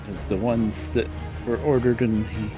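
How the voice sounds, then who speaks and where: A man's voice: medium pitch, fairly even intonation, unhurried. Lisping man rambling over game music. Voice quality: lisp. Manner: rambling, muttering to himself mid-game. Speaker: game streamer. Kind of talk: casual live-stream commentary while playing.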